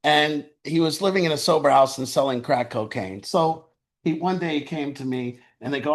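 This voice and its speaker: At a normal speed and in a fairly high-pitched voice, a man casually rambles through a story from his own life. Laughter and restarted sentences come up often as he talks.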